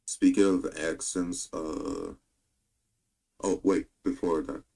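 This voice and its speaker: Deep gravelly man, halting. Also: steady tone, dark tone, low-quality recording. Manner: halting, speaks in hesitant fragments. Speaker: co-host on a livestream. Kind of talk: casual chat on a livestream.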